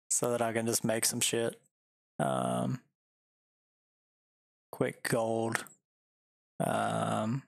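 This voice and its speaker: A man's voice: medium pitch, no echo, clean studio sound. Laid-back rambling male streamer. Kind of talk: casual game-stream chat. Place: home.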